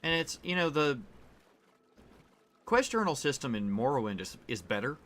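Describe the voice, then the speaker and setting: A man's voice: mid-range voice, very animated, normal speed, fairly bright tone. A man giving casual let's-play commentary from his desk at home, rambling and thinking aloud as he plays. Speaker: gaming YouTuber.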